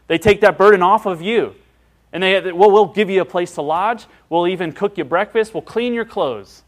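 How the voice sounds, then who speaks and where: Higher-voiced man preaching emphatically. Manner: emphatic, repeats phrases for stress; conversational preaching with rhetorical questions. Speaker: pastor. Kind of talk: sermon.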